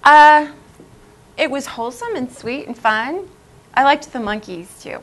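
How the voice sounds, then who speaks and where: Brief: woman panel guest, chatty and easy-laughing, slightly high pitch. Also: animated, unhurried. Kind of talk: studio panel chat.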